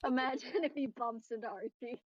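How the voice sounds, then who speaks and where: A woman in a tabletop game chiming in with quick suggestions and asides. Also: fairly high pitch, highs cut off. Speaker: player. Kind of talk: tabletop role-play chat.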